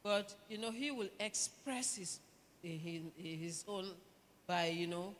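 A middle-aged Nigerian woman shares her experience in a calm, reflective tone, often breaking into light laughter. Her voice rings with the long reverb of a church hall, with a faint hum of ambience underneath. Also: medium pitch, takes it slowly. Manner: gentle, reflective storytelling with laughter. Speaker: pastor's wife, panelist. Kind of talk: testimony on a church panel.

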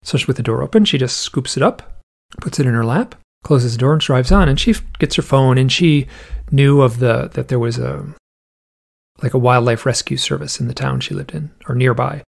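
A gravelly, mid-range voice belongs to an interview guest speaking at a moderate pace. He rambles casually through a story, saying "like" often and acting out the voices of the people involved.

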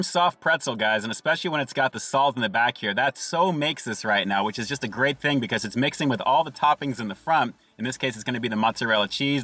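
A man's voice: mid-range voice, pushed and bright, no room sound. A man doing an upbeat casual food review from inside a parked car, calling his viewers "guys" and chewing between lines.

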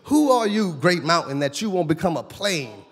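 Husky high-voiced preaching man. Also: very animated, moderate pace. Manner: preaching, swinging from loud shouts to low quiet asides. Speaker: pastor. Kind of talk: sermon. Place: church sanctuary. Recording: long reverb in a large church hall.

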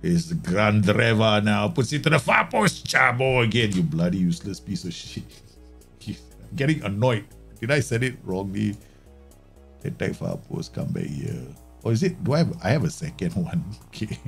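A man streaming a football management game, chatting casually and joking, swearing now and then, and breaking into loud mock match commentary. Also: lowish voice, measured pace, vocal fry, faint music behind. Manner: excitable, jokey, swears, bursts into mock match-commentator shouts.

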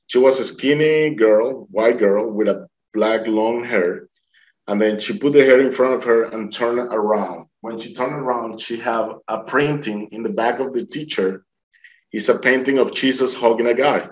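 In a dull, lo-fi interview recording, a middle-aged non-native English speaker recounts his own near-death experience at normal speed with a medium-pitched voice. He's animated, performing the dialogue of others, and his grammar reflects English as a second language.

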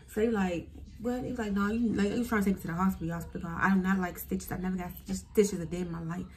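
A young woman telling a story to her viewers in a casual vlog, animated and profane, speaking straight to the audience. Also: mid-range voice, fast. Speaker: vlogger.

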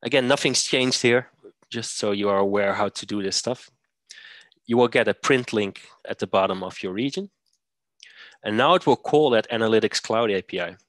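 A man presenting a software demo, walking through steps methodically with occasional fillers. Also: fairly low pitch, moderate pace, no echo. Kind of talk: screen-share software demo.

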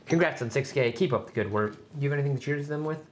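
A man's voice: mid-range voice, quick pace, slight background noise. A man co-hosting a whiskey livestream, dry and teasing, reading out viewers' names in casual banter.

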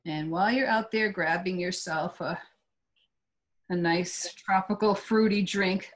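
A woman's voice: fairly low pitch, a little slow, rough recording. Woman craft teacher, live demo, loose and talkative. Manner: chatty and digressive. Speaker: art instructor. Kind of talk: live painting demonstration.

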